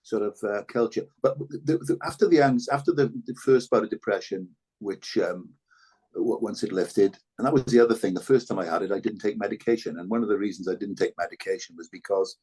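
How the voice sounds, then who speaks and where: An older man talks as a podcast guest, recounting his past in a candid, earnest way. His voice sits fairly low and he often stops and restarts mid-sentence. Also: a little fast, mellow, husky. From Wales. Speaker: podcast guest, former rugby full back. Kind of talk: reflective conversational storytelling.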